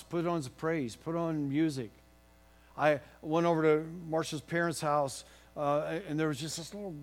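A male pastor preaching a sermon in a folksy, encouraging way, joking with the congregation and leading them in song. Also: on the high side.

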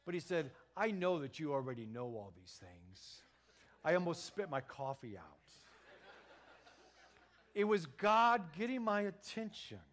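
Middle-aged male pastor delivering an earnest sermon, slightly high voice, emphatic swells, halting restarts. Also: big pitch swings, fairly bright tone.

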